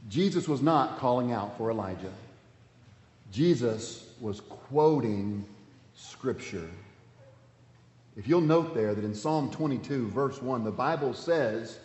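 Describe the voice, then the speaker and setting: A man preaching a sermon, with emphatic delivery that swings between loud calls and hushed words. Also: medium pitch, animated, slow. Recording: dull, echoey hall sound.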